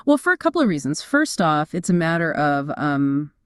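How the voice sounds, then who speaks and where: A woman's voice: low voice, very animated, moderate pace, clear, resonant tone, no echo, clean studio sound. A woman co-hosting a casual explainer chat, upbeat and explanatory, with frequent fillers. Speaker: co-host.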